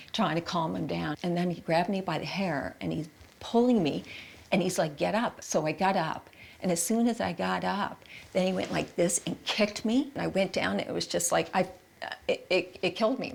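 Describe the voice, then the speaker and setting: A middle-aged woman from Canada giving a halting interview testimony, repeating words and quoting her own thoughts. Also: on the low side, vocal fry, slightly rough. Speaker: interviewee recounting her experience.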